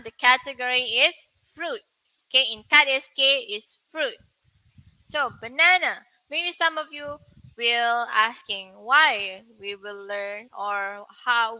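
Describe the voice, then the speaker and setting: Young female English teacher, Malaysian English accent, very bright and fairly high voice, models words slowly for the learners. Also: low-quality recording. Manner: asks the viewers questions. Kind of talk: online English lesson.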